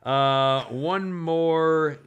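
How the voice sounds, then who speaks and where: A man hosting a podcast, chatting about the news in a rambling, halting way with frequent laughs. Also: on the high side, lo-fi sound. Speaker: podcast host. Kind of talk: casual political chat.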